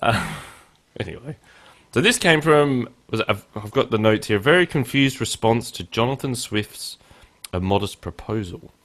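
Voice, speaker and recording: A man's voice: mid-range voice, expressive, moderate pace, fairly bright tone. A male podcast host chatting casually, joking about himself and laughing often.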